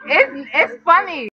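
Drunk high-voiced female streamer, slow drawl, teasing and giggly. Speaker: livestreamer. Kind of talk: drunk casual livestream banter. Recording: dull lo-fi stream audio.

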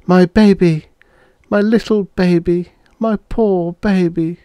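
A man's voice: sits high, little pitch movement, unhurried, a little mellow, dry recording, voice pushed up. A man voicing a young woman in agony, mumbling and stammering. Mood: grieving.

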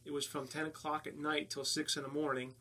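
A man from New Jersey with a North Jersey accent, a paranormal investigator telling of his investigations in a halting way with many fillers. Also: a little high, little pitch movement, pushed and bright, a little hiss or hum. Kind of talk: casual interview talk.

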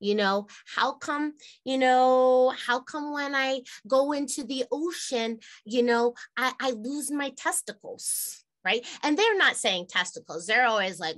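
A woman's voice: sits high, expressive, a little slow, hardly any pauses, fairly bright tone. A woman health teacher explaining a lesson to parents in a candid, chatty way, laughing at her own jokes.

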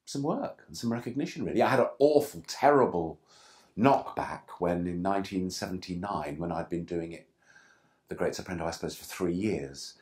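Older man, very low voice, anecdotal interview chat, self-deprecating, restarts and asides. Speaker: interview guest. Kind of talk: relaxed anecdotal interview talk.

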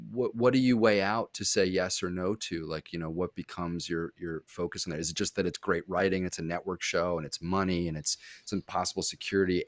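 A man's voice: sits low, no room sound, studio quality. A man co-hosting a podcast, chatting and asking questions, telling stories animatedly with stammering restarts. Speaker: podcast co-host. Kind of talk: casual interview chat.

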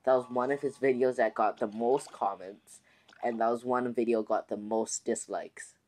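A man's voice: mid-range voice, fairly even intonation, normal speed, a little mellow. Rambling young-sounding gaming YouTuber guy. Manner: rambling, many restarts and fillers. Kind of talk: casual let's-play commentary.

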